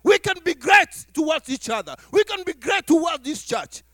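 Bright, high-voiced preaching pastor. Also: male voice, moderate pace, no echo, studio quality, faint music behind. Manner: animated preaching with acted-out dialogue and laughs. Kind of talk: sermon. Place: church.

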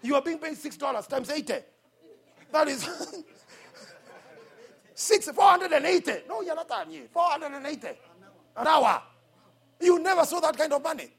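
A man with a Kenyan accent, preaching a sermon as pastor at a church service, swinging between hushed asides and shouted points. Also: extremely high pitch, lively intonation, moderate pace, creaky, long pauses.

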